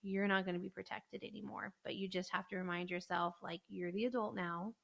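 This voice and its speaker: A woman co-hosting a casual podcast, talking through ideas in an easygoing, conversational way. Her voice sits in a middle pitch, and she fills her sentences with frequent "like"s as she explains. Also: a little fast, gravelly. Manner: relaxed, explaining, frequent "like" fillers. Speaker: podcast co-host. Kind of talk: casual chat.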